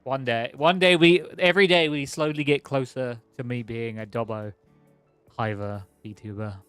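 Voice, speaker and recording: A man's voice: mid-range voice, fairly even intonation, normal speed, fairly bright tone, clean tone, dry recording, soft background music. Rambling, joking male streamer. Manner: rambling, joking, self-mocking. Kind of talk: casual gameplay commentary.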